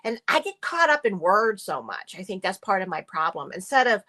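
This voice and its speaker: A woman's voice: medium pitch, sing-song, a little fast, pushed and bright. A woman co-hosting a podcast, sharing personal stories in an earnest, reflective way with light laughs. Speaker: podcast co-host. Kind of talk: conversational podcast discussion.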